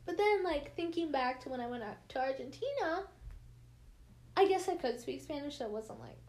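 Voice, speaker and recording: A woman's voice: high-pitched, sing-song, moderate pace, a little mellow. A young American woman with a slight lisp, chatting casually with friends in a rambling, laughing way full of fillers. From United States. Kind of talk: casual chat among friends.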